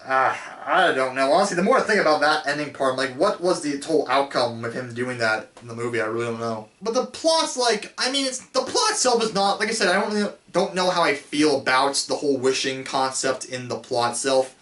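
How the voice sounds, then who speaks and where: A man's voice: mid-range voice, a little fast, few pauses, a bit bright. A man hosting a casual film review show, rambling with lots of fillers and restarts and laughing often. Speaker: host reviewing films. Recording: echoey, distant mic.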